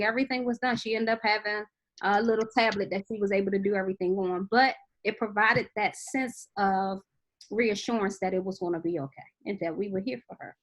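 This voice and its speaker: A woman telling a team story on a video call, getting animated and quick as she goes. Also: mid-range voice. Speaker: team director, featured guest.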